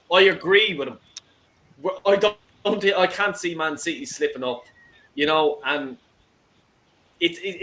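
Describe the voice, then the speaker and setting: Ranting football host, high-voiced. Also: male voice, bright, forceful tone, poor audio. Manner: sweary, ranting, emphatic. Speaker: host of a fan call-in show. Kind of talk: heated football fan rant.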